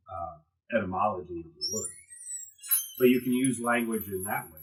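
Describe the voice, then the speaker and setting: A man with a slightly low voice lectures a class in a gallery room, swinging his emphasis up and down as he goes. He keeps a loose, conversational tone with plenty of asides to the audience. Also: poor audio. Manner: animated, strongly varied emphasis, conversational asides. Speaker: class teacher.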